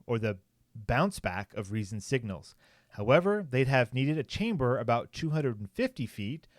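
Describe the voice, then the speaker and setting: A man's voice: mid-range voice, no room sound, studio quality. A man co-hosting a podcast, casually reading a news article aloud, with frequent fillers and joking asides. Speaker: podcast co-host.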